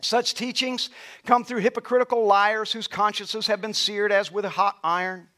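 A man pastor preaching a sermon, leading the congregation in call-and-response and at times shouting. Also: high-pitched, flat delivery, normal speed. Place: church sanctuary.

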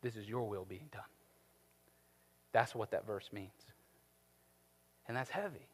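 A man preaching a sermon, animated, swinging from emphatic peaks down to soft, quiet lines. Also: lowish voice, measured pace, husky. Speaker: pastor. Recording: long hall reverb.

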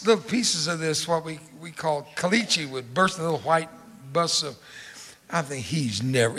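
An older man spinning a humorous folksy yarn and acting out every voice in it. His voice sits a touch higher than most men's and carries a long echo from a large hall. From Texas. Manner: animated, acts out dialogue. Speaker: storyteller speaker.

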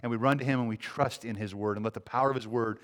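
A middle-aged man preaching a sermon, earnest, swinging between loud urgency and quiet intensity. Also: medium pitch, fairly even intonation, fast. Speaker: pastor.

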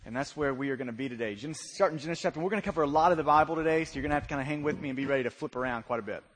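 A man's voice: medium pitch, racing, a bit bright. A male pastor preaching a casual, humorous sermon, telling stories in a conversational way and often checking in with "right?". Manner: conversational storytelling with frequent "right?" check-ins.

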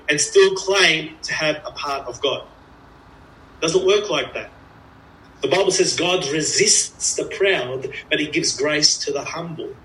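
A man's voice: a little high, pushed and bright, slight background noise. A man preaching an earnest, emphatic sermon, repeating phrases for stress. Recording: echoey room, voice from a distance.

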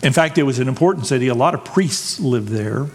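A man preaching a sermon in a church, animated and emphatic, asking the congregation rhetorical questions. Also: medium pitch, a little fast, breathy edge. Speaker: pastor. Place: church sanctuary. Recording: long hall reverb.

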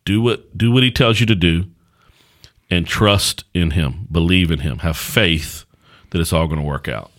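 Middle-aged pastor-host, deep voice, loose folksy storyteller, casual podcast talk. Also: male voice, moderate pace, fairly bright tone.

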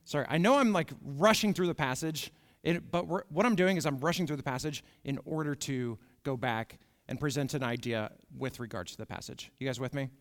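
A man's voice: mid-range voice, fairly quick. A young man giving a casual, conversational sermon, often checking in with "right?" as he walks through the passage. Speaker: preacher. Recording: long hall reverb.

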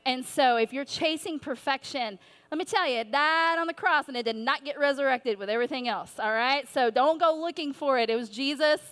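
A woman's voice: high voice, fairly quick, fairly bright tone. Earnest woman giving a sermon. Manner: earnest, conversational, encouraging. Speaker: women's ministry speaker. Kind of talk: sermon-style talk to mothers.

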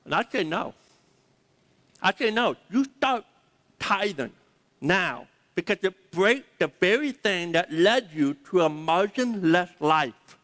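A man's voice: high-pitched, expressive, slow, fairly bright tone. A man preaching a sermon as pastor, emphatic, repeating key words and leading the congregation to say them aloud. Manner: leads the audience to say words aloud. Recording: long reverb of a large hall.

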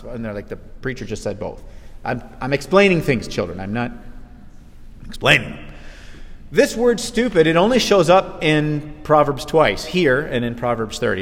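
A man preaching a sermon in a lively, conversational way, acting out quotes as he goes. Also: mid-range voice, big-room sound.

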